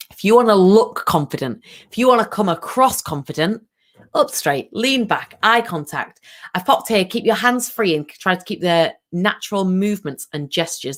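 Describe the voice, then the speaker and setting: A young woman with a dynamic, expressive manner, running an online confidence workshop as a vocal coach. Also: on the low side. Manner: dynamic, expressive, chatty presenter.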